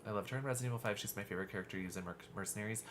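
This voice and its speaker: A man's voice: fairly low pitch, racing, background noise. A man streaming a horror game live, chatting in a gushing, campy way as he plays. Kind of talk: live gameplay commentary. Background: game music.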